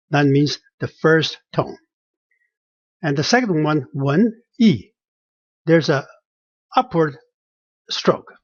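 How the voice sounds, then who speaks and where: Slow, halting man teaching tones. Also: a little high, slightly rough, no room sound. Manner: slow and halting, many fillers, repeats words to model pronunciation. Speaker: Chinese language teacher. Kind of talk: explaining a language lesson. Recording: dull lo-fi dry recording.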